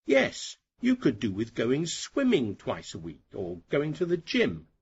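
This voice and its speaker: A man reading the lines of a firm, nagging housewife in a story, with a husky voice. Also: medium pitch, huge pitch swings, unhurried, dull audio, exaggerated voice. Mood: bossy. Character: bossy, practical housewife.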